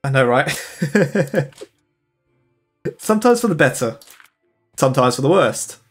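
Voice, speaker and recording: A man's voice: fairly high pitch, animated, slow pace, slightly rough, soft background music. A young British man from the UK, chatting casually with his viewers while he plays a game, laughing often and answering their comments. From United Kingdom. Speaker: streamer. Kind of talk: casual chat while gaming.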